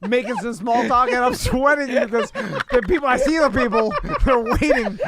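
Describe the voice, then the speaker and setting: A man's voice: very high voice, expressive, normal speed, a loud crowd. A man co-hosting a podcast in casual chat, laughing often and rambling with lots of "yeah, yeah". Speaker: podcast co-host.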